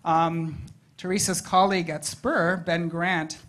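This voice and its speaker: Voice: mid-range voice, steady tone, unhurried, a bit bright. Conversational public meeting presenter. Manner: conversational, asks the audience questions. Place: meeting room.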